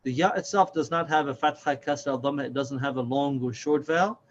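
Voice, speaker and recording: A man teaching a Quran reading lesson, speaking slowly and deliberately, repeating and stretching sounds to demonstrate them. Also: on the high side, highs cut off, slight background noise. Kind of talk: slow, patient recorded lesson.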